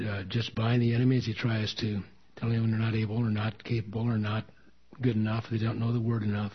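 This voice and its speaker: A man's voice: fairly low pitch, breathy edge. A man leading a church meeting, speaking with earnest conviction and then praying fervently over the gathering. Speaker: pastor. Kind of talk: sermon and closing prayer. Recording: dull lo-fi recording.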